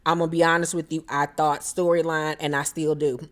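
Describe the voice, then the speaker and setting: A woman's voice: low voice, fairly quick. Blunt, sassy woman recapping reality TV. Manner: blunt, swearing, animated with exaggerated mock reactions. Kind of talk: casual commentary.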